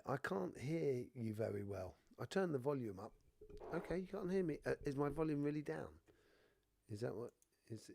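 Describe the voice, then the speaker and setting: Man, husky, mellow tone, coughing and stuffy, rambling live-stream chat. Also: medium pitch, dry recording. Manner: rambling, full of "you know" asides. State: has a cough and blocked nose. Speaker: spiritual reader hosting a live stream. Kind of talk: casual live-stream chat, reading viewer comments.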